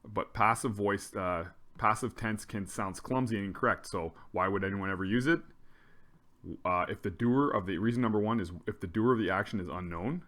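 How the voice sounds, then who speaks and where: A male teacher explaining a grammar lesson in a relaxed way, often restarting his sentences. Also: lowish voice, a little fast.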